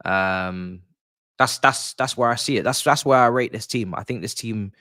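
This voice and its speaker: A man's voice: mid-range voice, moderate pace, sharp tone, no room sound, clean studio sound. A man giving his views as a football pundit in casual podcast chat, confident and emphatic, often repeating his points.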